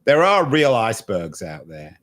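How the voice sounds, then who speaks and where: A man's voice: on the low side, sing-song, normal speed, fairly bright tone. A man hosting an interview podcast, wry and joking, often restarting his sentences. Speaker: podcast host. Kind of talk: conversational interview.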